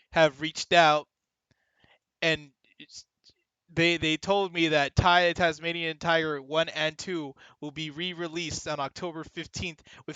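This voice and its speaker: Young man, game streamer, bright voice, dry close sound, excitable, swears a lot. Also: fairly high pitch, clean tone, dry recording. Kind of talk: casual gaming stream chat.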